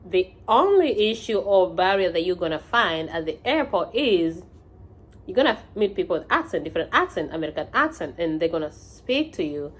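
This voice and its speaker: Kenyan woman vlogging advice, lowish voice, chatty w lots of uh and um. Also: big pitch swings, moderate pace. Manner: conversational, with frequent fillers and restarts. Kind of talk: casual advice vlog.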